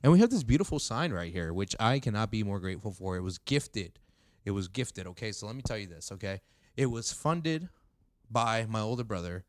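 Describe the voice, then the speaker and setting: A man with a lowish voice hosts a casual podcast, swearing freely and laughing often. The sound is dry and close on a condenser mic. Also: sing-song, brisk, dry recording. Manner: loose and profane, laughs often. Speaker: podcast host. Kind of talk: casual chat.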